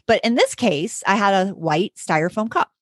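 A woman teacher tells a story in relaxed, chatty conversation, her pitch swinging widely as she acts out the people in it. The sound is close and dry. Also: normal speed, no room sound. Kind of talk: casual storytelling chat.

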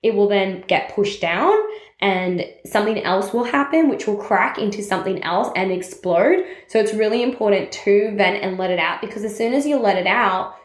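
A young woman speaks candidly about her personal struggles and lessons learned, in a warm, confessional, self-help manner with plenty of casual "like" fillers. Her voice sits at an ordinary middle pitch, and the room around her adds a noticeable echo. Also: normal speed. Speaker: network marketing team leader. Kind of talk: personal reflective monologue. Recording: roomy echo.

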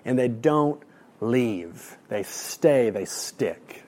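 A man preaching a sermon, earnest, repeating words as he builds a point and dropping soft and slow on key lines. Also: medium pitch, animated. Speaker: pastor.

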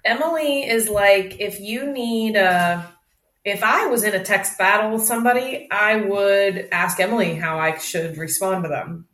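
Young female host, animated chatty storyteller, mid-pitched, roomy echo. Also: measured pace. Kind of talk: casual chat.

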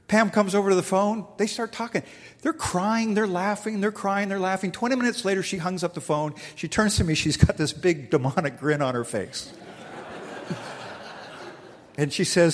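A man's voice: high-pitched, normal speed, big-room sound. A middle-aged man preaching a sermon, telling a story and acting out the dialogue with rising emphasis. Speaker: pastor.

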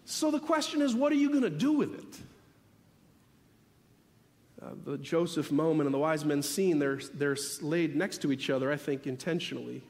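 A man delivers a sermon from the pulpit, his voice sitting high for a man. He talks animatedly, building to emphatic peaks and then dropping back to a conversational aside. The sound rings with the long reverb of a big church sanctuary. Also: expressive, moderate pace, a little mellow. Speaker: pastor. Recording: long reverb of a large hall.

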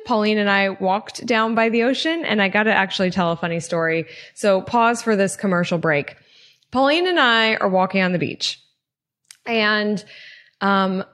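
Chatty woman podcaster, casual storytelling. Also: medium pitch. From not from California. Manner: chatty, lots of "like", swearing, laughs at herself. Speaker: podcast host.

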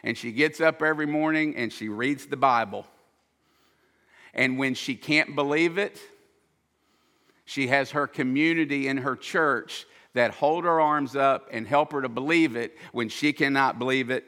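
A man's voice: mid-range voice, sharp tone. Pastor guy preaching, earnest and emphatic, echo from a big hall. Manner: earnest, emphatic preaching, voices quoted lines. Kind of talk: sermon.

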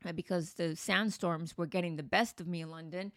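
A woman's voice: lowish voice, steady tone, a little fast, no echo, clean studio sound. A woman in her thirties hosting a podcast, telling a personal story in an earnest, emotional, reflective way. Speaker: podcast host and coach.

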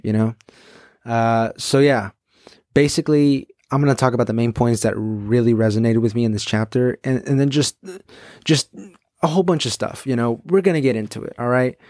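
A man hosting his own podcast, chatting casually and excitedly, with many fillers and quick quoted asides. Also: mid-range voice, dry recording, clean studio sound. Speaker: podcast host. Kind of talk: casual solo podcast chat.

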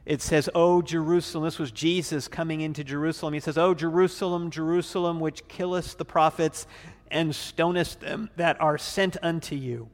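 A man preaching as a pastor, teaching through a Bible passage in a relaxed, casual way, acting out the characters' lines. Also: medium pitch, big-room sound.

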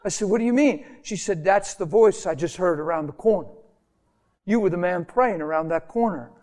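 Male preacher, high voice, impassioned sermon storytelling, loud to hushed. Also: moderate pace. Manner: impassioned, swings from loud animated storytelling to hushed intimate tones.

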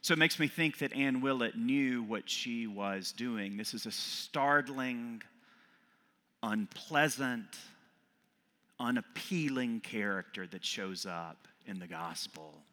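A middle-aged Episcopal priest preaches slowly in a mid-range voice, his sermon building to loud, emphatic peaks before falling back into quiet reflection. The recording carries the long reverb of a large hall.

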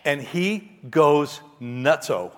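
A middle-aged man preaching a sermon, telling a story about himself in an animated, self-mocking way. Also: a little high, very slow. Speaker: pastor. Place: church hall. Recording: long hall reverb.

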